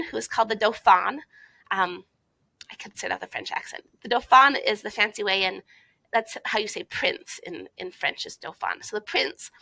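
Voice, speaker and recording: Chatty woman with a bright, gravelly voice. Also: fairly high pitch, no echo, poor audio. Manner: chatty, lots of fillers and asides. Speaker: youth conference speaker. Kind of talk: informal recorded presentation.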